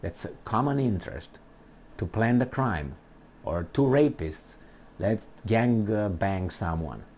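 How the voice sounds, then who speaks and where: Man, low-ish voice, emphatic monologue, rhetorical questions, frequent restarts. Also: animated, slow, a little mellow, a little hiss or hum. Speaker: political commentator. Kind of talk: casual political monologue.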